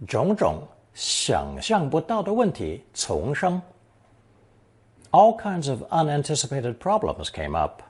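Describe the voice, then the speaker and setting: Brief: man, lesson narrator, unhurried delivery, slightly husky tone, very lively melody. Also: fairly high pitch. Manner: slow and deliberate, reading example sentences and translating them. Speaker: language teacher. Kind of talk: scripted language lesson narration.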